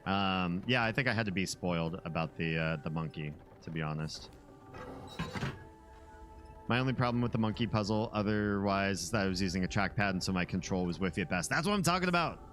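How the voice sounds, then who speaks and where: Low-voiced rambling male streamer. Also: animated, a little fast, over music. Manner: rambling, sardonic. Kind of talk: casual gameplay commentary.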